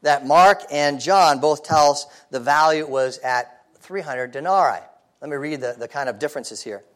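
A pastor preaches a sermon conversationally, putting rhetorical questions to the congregation and often repeating his opening words. His voice is a little high and a bit bright, at a normal pace.

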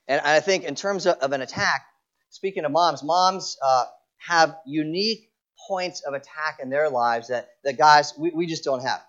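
A man's voice: a little high, muffled recording. A man preaching a sermon earnestly, often repeating a word as he restarts a phrase. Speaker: pastor.

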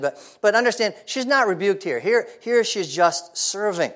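Man preaching, fairly high voice, chatty and questioning. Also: animated, normal speed, few pauses, a bit bright. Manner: conversational, rhetorical questions, frequent repeated starts. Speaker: pastor. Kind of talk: sermon.

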